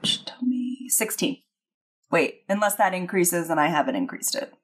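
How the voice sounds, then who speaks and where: A woman playing a tabletop role-playing game, chatting in an eager, excitable way and swearing casually. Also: fairly low pitch, normal speed. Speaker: player.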